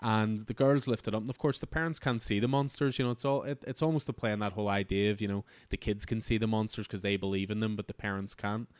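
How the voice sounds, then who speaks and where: A man's voice: on the low side, steady tone, fast, hardly any pauses, clean tone, no room sound. A man hosting a comic book podcast, talking through an issue in an enthusiastic, rambling way with frequent restarts. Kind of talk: casual review chat.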